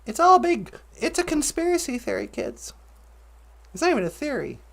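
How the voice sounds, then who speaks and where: A man's voice: extremely high pitch, wildly swooping pitch, moderate pace, creaky, a bit bright, heavily acted. A man playing a chatty, teasing auntie character named Natasha, who talks with sarcastic, giggly, sing-song asides. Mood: mock-conspiratorial. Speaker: show character.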